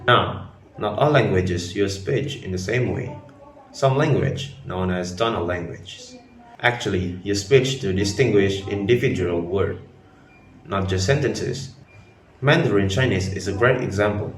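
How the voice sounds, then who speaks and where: A man's voice: fairly low pitch, a little slow, slight background noise. A young man, a student, giving a class presentation, explaining from notes. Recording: roomy, distant mic, faint ambience.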